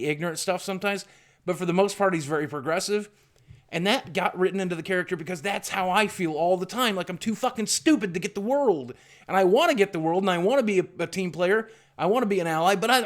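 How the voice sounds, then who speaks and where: Rambling candid man, slightly high voice. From southwestern Virginia. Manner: candid, rambling, self-deprecating, with restarts. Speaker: YouTuber. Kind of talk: rambling vlog monologue.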